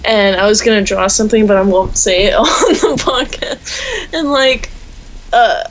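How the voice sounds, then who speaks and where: A woman's voice: on the high side, expressive, unhurried, slight background noise, low-quality recording. A teenage girl co-hosting a casual podcast, telling a long rambling story full of fillers. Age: teens. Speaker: podcast co-host. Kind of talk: casual chat.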